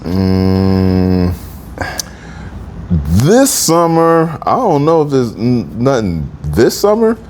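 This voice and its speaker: A man from New Jersey, co-hosting a podcast in loose casual chat, who tells stories in a laid-back way and gets animated at the funny parts. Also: mid-range voice, very slow. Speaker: podcast co-host.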